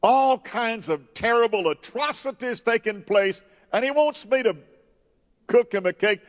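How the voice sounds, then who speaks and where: A man preaching a sermon, slow and emphatic, rising high when stirred. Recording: long hall reverb.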